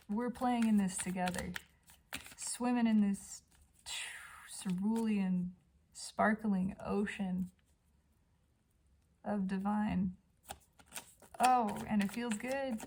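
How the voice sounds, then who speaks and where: A woman doing an intuitive tarot reading at home, gushing and dreamy, often dropping into soft whispers. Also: medium pitch, steady tone, takes it slowly, pauses often, a little hiss or hum. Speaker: tarot reader. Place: home by a balcony.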